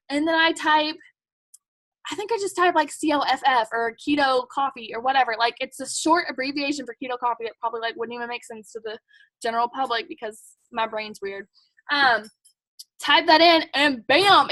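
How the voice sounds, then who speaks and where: Bright-voiced, chatty young woman. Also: sits high, no echo. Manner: chatty, emphatic, says "like" and "um" a lot; blunt and pushy. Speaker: team leader at a sales kick-off meeting. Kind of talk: casual motivational talk.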